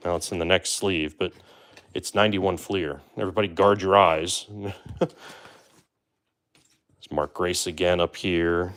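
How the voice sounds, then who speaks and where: A man with a low, deep voice hosts a live stream in a relaxed, chatty way. He talks loosely with plenty of fillers and asides to his viewers. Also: unhurried, long pauses. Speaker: livestream host opening baseball card boxes. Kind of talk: casual live-stream commentary.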